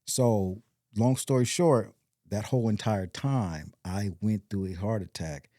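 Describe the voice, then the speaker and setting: Podcast guest: low-pitched man with a mellow tone and a dry close sound, rambling through a story. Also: a little slow, no echo. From Compton, California. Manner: rambling, animated retelling with quoted voices. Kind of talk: storytelling in casual interview.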